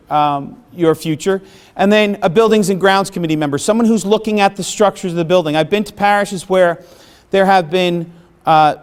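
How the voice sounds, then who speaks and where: A middle-aged man gives a workshop presentation in a fairly high voice. He talks conversationally to a room of listeners and keeps checking that they follow. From the Bronx, New York. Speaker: presenter on parish planning.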